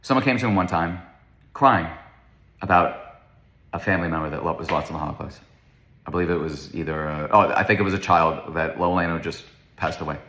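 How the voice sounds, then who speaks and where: A man's voice: deep voice, a little fast, fairly bright tone. A man teaching a Torah lecture, speaking emphatically, asking rhetorical questions and repeating words for stress. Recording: roomy echo.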